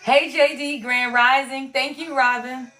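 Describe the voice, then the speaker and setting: A woman, hosting a casual live stream as a tarot reader, her voice strained and hoarse, chatty and playful with her viewers. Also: sits high, fairly even intonation, measured pace, pushed and bright, soft background music, poor audio.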